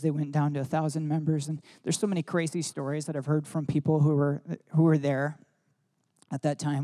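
A man preaches through personal stories in a loose, rambling way, leaning on "like" as he goes. His voice sits a little high but sounds mellow and warm. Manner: casual, rambling, many "like" fillers. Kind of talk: sermon storytelling.

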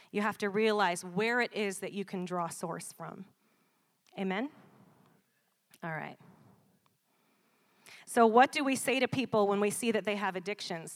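A woman preaching a sermon, checking in often with "Amen?" and building to loud, emphatic peaks. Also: mid-range voice.

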